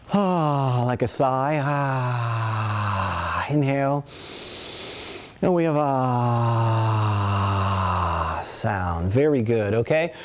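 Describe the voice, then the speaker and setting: A man teaching qigong in a webinar, calmly counting breaths aloud and asking rhetorical questions. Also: medium pitch, smooth. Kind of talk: guided qigong instruction. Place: indoor studio with camera. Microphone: webinar camera mic.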